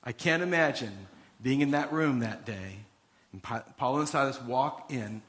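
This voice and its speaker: A man's voice: mid-range voice, animated, measured pace, a bit bright. A man preaching a conversational sermon, reading scripture and asking his listeners questions. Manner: conversational Bible teaching with rhetorical questions. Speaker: pastor.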